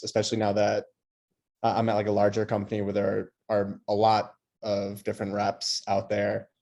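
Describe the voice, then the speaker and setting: Man, caller, polite, rambling, low voice, flat delivery. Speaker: caller asking a question. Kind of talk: question on a video call.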